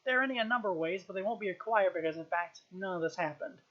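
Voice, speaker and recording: A woman reading a novel aloud on a live stream, at a quick pace and with frequent throat-clearing. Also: medium pitch, dull audio. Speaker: reader, streamer.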